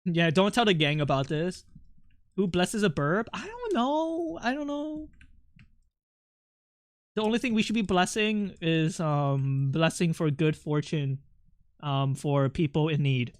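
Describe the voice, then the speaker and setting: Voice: medium pitch, unhurried, dry recording. A streamer who chats with viewers while drawing, rambling and joking, swearing a lot and laughing often. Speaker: art streamer chatting with viewers. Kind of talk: casual live-stream chat.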